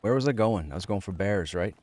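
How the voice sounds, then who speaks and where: A man's voice: fairly low pitch, expressive, a little fast, darkish tone. Rambling, self-mocking male streamer. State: sore throat. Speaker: game streamer. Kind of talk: casual livestream chat.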